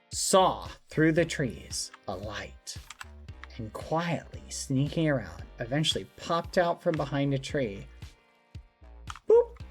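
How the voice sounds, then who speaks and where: A man's voice: fairly high pitch, a bit bright. A male streamer telling a rambling, playful story to his live chat, full of fillers and asides.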